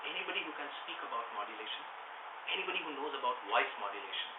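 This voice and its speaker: A man in his thirties teaching public speaking in a workshop, animated and coaxing, now and then raising his voice loud for stress. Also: mid-range voice, rapid-fire. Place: meeting room. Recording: echoey room from far off, phone-like, noisy.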